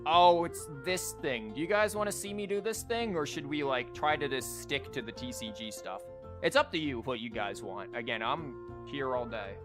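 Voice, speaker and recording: A man's voice: medium pitch, animated, normal speed, music in the background. A male streamer chatting casually on a livestream, rambling and stammering as he plays a card game and talks to chat.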